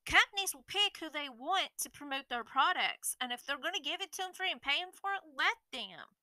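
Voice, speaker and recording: A high, piercingly bright woman's voice, blunt and profane as she rants to her viewers. She sounds exasperated, and the sound is close and completely dry. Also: animated, fairly quick, no room sound, rough recording. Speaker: streamer and influencer. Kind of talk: ranting vlog monologue.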